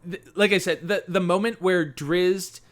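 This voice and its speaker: A man's voice: sits high, steady tone, moderate pace. A man co-hosting a book podcast, talking animatedly with lots of fillers and laughter. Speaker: podcast co-host. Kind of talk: casual book discussion.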